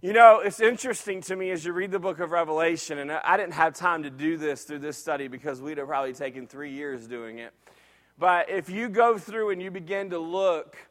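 High-voiced preaching man in a reverberant hall. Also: brisk. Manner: preaching with rising intensity and occasional shouts. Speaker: pastor. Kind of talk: sermon.

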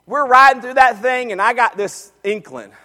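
A man with a strikingly high voice preaches to his church, telling a story and swinging from loud bursts to near-whispers. His voice rings out with the long reverb of a large hall. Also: moderate pace. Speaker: pastor. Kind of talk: sermon.

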